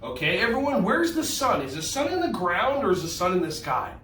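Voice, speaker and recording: A man's voice: sits high, big pitch swings, a little fast, sharp tone, echoey room, distant mic, a little hiss or hum. A man from New Jersey with a New Jersey accent, leading a playful children's yoga class indoors and cheering the kids on. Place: indoor room.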